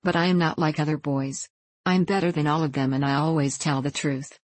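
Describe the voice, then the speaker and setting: A woman's voice: low-pitched, fairly even intonation, brisk, no echo. A woman reading the part of a hungry, complaining wooden puppet boy in an audiobook. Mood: pleading. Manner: pleading, complaining. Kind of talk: audiobook character voice.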